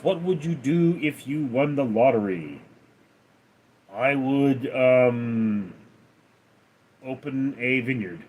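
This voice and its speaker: A man hosting a livestream, reading viewers' names and questions in a raised voice, then answering them flatly. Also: takes it slowly, long pauses, breathy edge. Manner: reads donor names and questions aloud in a lively raised voice, then answers flat and low. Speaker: livestream host reading chat. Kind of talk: casual livestream Q&A.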